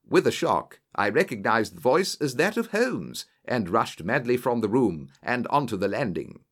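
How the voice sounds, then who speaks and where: A man narrates a story in a storytelling manner. His pitch swings widely from line to line, and he gives the people in it voices of their own. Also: moderate pace, husky. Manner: lively storytelling with varied character voices. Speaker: audiobook narrator. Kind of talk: scripted narration.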